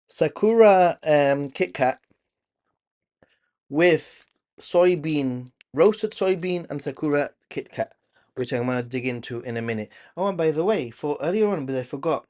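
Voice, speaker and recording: Talkative guy doing a casual live stream, kinda high voice, laughs a lot, chatting with chat. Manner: chatty, animated, laughs often, mimics commenters. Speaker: livestream host.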